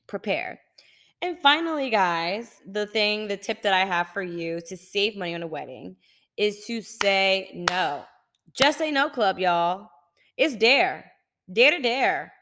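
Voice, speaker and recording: A woman's voice: mid-range voice, fairly bright tone. A woman hosting a podcast, giving casual advice in an emphatic, sassy way that repeats its points. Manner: emphatic, repetitive, sassy, direct. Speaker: podcast host.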